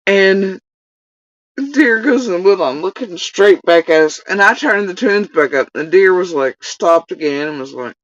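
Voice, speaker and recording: A woman's voice: mid-range voice, no echo, lo-fi sound. A woman telling a casual story on a livestream, rambling, laughing and swearing freely.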